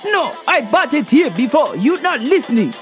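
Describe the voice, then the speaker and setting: Woman doing a pushy customer lady, loud and insistent, voice swinging up and down. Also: sits high, sing-song, moderate pace, music in the background, pitched above the performer's own voice. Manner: loud, insistent, repeating herself.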